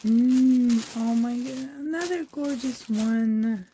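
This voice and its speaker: A Canadian woman who vlogs about reborn dolls unboxes gifts in casual chat to the camera, gushing and exclaiming over each item. Her fairly high, dark-toned voice takes it slowly and sounds sore and a little strained, with slight background noise.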